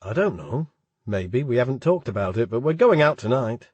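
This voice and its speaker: A man's voice: mid-range voice, big pitch swings, moderate pace, a little mellow, slightly rough, dry recording, highs cut off. A man voicing a smug, boastful young male student.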